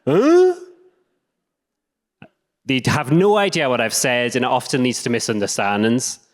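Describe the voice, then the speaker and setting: A man's voice: medium pitch, expressive, fairly quick. A man with an English accent giving a self-deprecating, conversational live talk. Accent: English regional. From England. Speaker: speaker. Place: stage in a hall. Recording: echoey hall.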